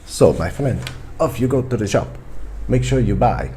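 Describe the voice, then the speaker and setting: A man's voice: on the low side, expressive, moderate pace, warm tone. A man hosting a casual how-to demonstration in a loose, joking, rambling way. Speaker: tutorial host.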